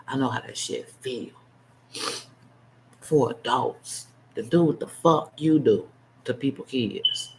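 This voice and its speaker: A man in his fifties delivering an unscripted, emotional monologue as a vlogger, blunt and impassioned, swinging between heated outbursts and hushed, choked-up asides. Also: mid-range voice, slow pace, creaky, long pauses, a little hiss or hum, low-quality recording. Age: 50s.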